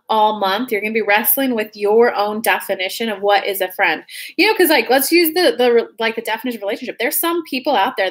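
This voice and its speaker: A woman in her thirties talks through a tarot horoscope reading in a loose, chatty way, full of fillers and the odd curse. Her voice sits a little high for a woman. She sounds frank and plain-spoken. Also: fairly bright tone. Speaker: tarot reader.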